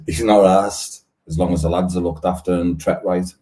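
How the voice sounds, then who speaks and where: A man's voice: sits low, steady tone, normal speed, dark tone. A man hosting a podcast, chatting in a friendly, matey way and calling people mate. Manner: friendly banter, calls people mate, laughs often. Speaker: podcast host. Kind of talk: casual interview chat.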